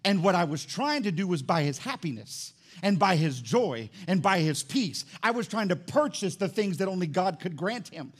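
Male pastor preaching in church, punchy and repetitive, kinda high voice. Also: sing-song, normal speed, hardly any pauses, husky. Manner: preachy, emphatic, repeats key phrases. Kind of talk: sermon.

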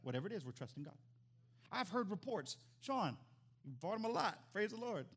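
A man in his thirties preaching a sermon as pastor, animated, his voice climbing to near-shouts. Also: high voice, moderate pace, slightly rough.

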